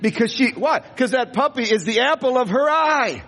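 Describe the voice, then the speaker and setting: Older man, pastor, high husky voice, animated sermon, church hall reverb. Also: normal speed. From United States. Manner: animated preaching, repeats phrases, asks the congregation to respond. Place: church sanctuary.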